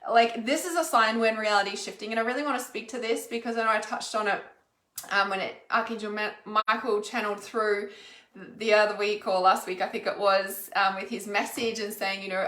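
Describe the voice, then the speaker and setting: A woman's voice: medium pitch, a little fast, sharp tone. Chatty Australian woman in an echoey room. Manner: chatty, rambling, many fillers. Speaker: intuitive healer hosting a livestream. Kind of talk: casual livestream chat.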